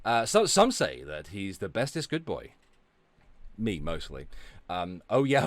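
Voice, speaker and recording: A man rants on a livestream, swearing freely and dripping with sarcasm. His pitch leaps around constantly as he swings between mock cheer and low, muttered scorn. The sound is close and dry, with no room around it. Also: very animated, a little slow, gravelly, no echo. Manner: profane, sarcastic, loud outbursts; reads out donations and thanks viewers. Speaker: streamer. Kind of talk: ranting livestream chat.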